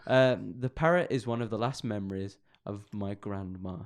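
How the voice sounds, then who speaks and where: A fairly low-pitched man talks at a moderate pace as co-host of a comedy podcast. He reads out internet stories, joking around and cursing heavily in relaxed conversation.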